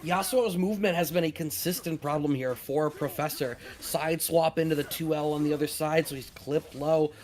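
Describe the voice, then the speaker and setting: Lively man calling fighting game play. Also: fairly high pitch. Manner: quick, animated, swears casually. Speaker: fighting game tournament commentator. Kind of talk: esports play-by-play commentary.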